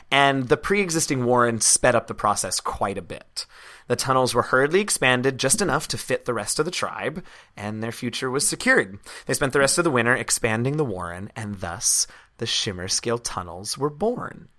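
A man narrating a tabletop game as game master, telling the story in a relaxed way with frequent "uh" fillers. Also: medium pitch.

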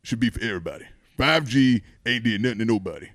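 A man voicing a folksy old man who preaches in a slow drawl. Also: medium pitch, animated, fairly bright tone, no echo, clean studio sound, natural voice. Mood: preachy.

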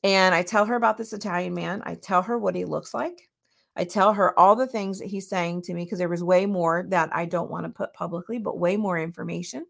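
A middle-aged woman hosting a podcast, telling a personal story in a casual, animated way and acting out the dialogue. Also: fairly low pitch, creaky. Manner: animated, acts out quoted dialogue. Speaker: podcast host.

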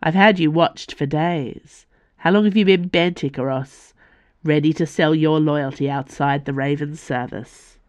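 A woman's voice: deep voice, steady tone, measured pace, a little mellow, dry recording. A woman voicing a furious young male assassin whose voice trembles with anger as he accuses a former mentor. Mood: fuming.

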